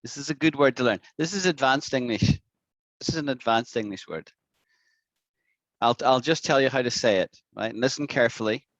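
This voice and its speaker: A man teaching an online English lesson, patiently repeating words slowly for his students to practice. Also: medium pitch, fairly bright tone, no room sound, lo-fi sound. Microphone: video call.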